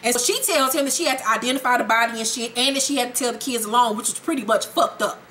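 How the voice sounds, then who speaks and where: A woman's voice: on the high side, quick pace, sharp tone, a little hiss or hum. A woman giving a blunt, casual recap of a TV episode, swearing freely and commenting as she goes. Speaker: TV recap vlogger.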